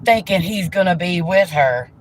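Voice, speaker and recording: A woman's voice: fairly low pitch, lively intonation, normal speed, a little hiss or hum, low-quality recording. A woman ranting heatedly and profanely during a live stream, talking into a handheld phone from inside a car.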